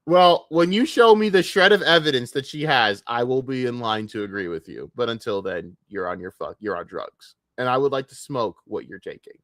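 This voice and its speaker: Male streamer, profane mocking rants, loud outbursts and low mutters, mid pitch, dry sound. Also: moderate pace, few pauses, dry recording. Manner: shifts between shouting and muttering. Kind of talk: reaction stream commentary.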